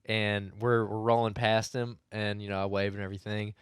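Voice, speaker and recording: A man co-hosts a podcast in an easy storytelling style. His voice is smooth and resonant, recorded close and dry with no room sound. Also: on the low side, moderate pace, no room sound. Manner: storytelling, chatty, animated retelling. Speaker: podcast co-host. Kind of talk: casual chat.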